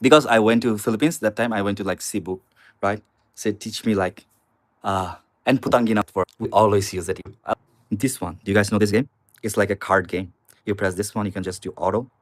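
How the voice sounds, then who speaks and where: A man's voice: on the low side, fairly even intonation, brisk. A young man, chatting casually with viewers on a live stream from his small apartment. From China. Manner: chatty, addresses viewers as guys, answers chat comments. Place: small studio apartment with river view.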